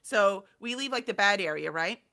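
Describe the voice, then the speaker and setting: A woman playing a tabletop game, animated and giggly. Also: mid-range voice, moderate pace, gravelly, no echo, clean studio sound. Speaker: player.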